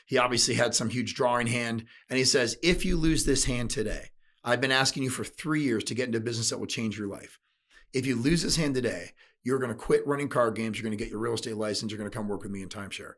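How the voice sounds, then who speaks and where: A man's voice: mid-range voice, fairly even intonation, rapid-fire, few pauses, a bit bright. A middle-aged man from the USA, a sales and leadership speaker, telling candid stories in an interview, blunt and emotional, swearing casually.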